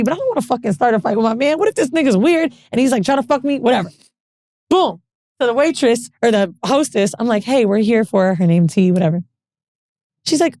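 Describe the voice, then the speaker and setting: A woman co-hosting a podcast, telling a frank, profane story with animated quoted dialogue. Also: fairly high pitch, dry recording. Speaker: podcast co-host. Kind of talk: casual storytelling chat.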